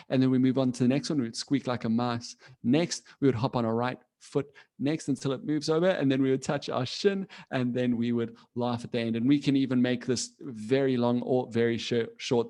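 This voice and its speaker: Man, mid-pitched, for a cheerful online class teacher on a video call. Encouraging, casual, laughs a lot. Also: darkish tone. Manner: friendly, encouraging, laughs often; casual, with fillers and restarts. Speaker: coding teacher for children.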